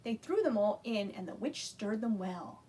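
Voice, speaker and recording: A woman librarian reading a picture book aloud to children, animated, inviting them to join in. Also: mid-range voice, normal speed, slightly rough.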